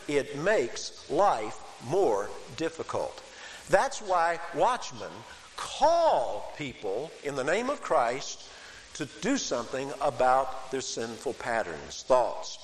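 Animated preacher in a reverberant hall. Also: male voice, fairly high pitch. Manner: emphatic, with sudden rises on key words. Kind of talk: expository sermon. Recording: hall reverb with faint hiss.

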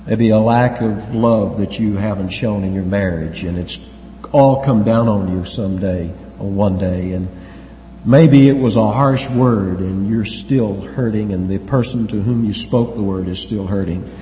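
A man preaching a sermon with lively emphasis and chuckling asides. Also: fairly low pitch, a little slow. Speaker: pastor. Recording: echoey hall, dull lo-fi sound, faint hiss.

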